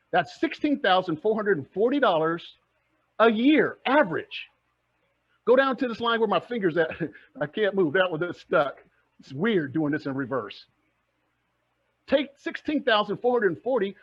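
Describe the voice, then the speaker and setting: A middle-aged real estate investor gives an energetic motivational presentation to a club, firing rhetorical questions and acting out the audience's answers. His voice is high-pitched and expressive at a moderate pace, on a dull lo-fi recording.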